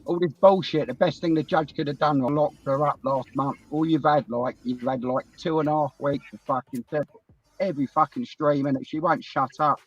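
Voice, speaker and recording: A man's voice: fairly high pitch, fairly even intonation, moderate pace, dry recording, highs cut off. A man with a British accent calling into a live chat from his car, talking bluntly and swearing a lot. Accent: British English. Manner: profane, blunt. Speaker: caller. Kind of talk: casual chat.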